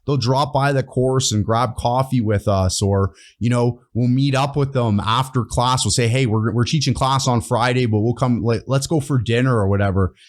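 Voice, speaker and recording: With a medium-pitched voice, he speaks at a normal speed and rarely pauses. The man, who founded a training course, chats casually as an earnest podcast guest, peppering his explanations with "right?".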